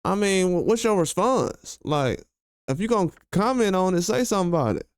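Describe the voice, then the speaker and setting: A commentary channel host rants casually in a heated, slangy, emphatic way, repeating his points. His voice is high-pitched, animated and a little fast, recorded with clean studio sound and no echo.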